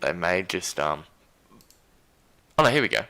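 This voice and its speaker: A man's voice: deep voice, very animated, a little slow, pushed and bright. A man with an Australian accent hosting a casual live stream, rambling and incredulous as he reads chat aloud. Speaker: stream host.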